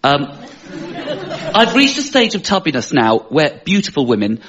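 A man's voice: fairly high pitch, normal speed, crowd noise, noisy background. A man with a posh English accent doing self-deprecating stand-up comedy on a panel show. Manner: self-deprecating, animated delivery. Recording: muffled stage recording with loud audience laughter.

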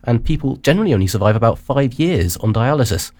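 A man hosting a casual news chat, rambling with many halting restarts. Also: medium pitch, lively intonation, darkish tone, no echo. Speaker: radio show host.

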